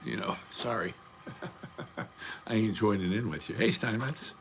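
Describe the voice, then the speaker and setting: Deep-voiced older man rambling bluntly. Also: slow, gravelly, slight background noise. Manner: blunt, rambling, profane storytelling. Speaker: livestream host. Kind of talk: casual rambling livestream chat.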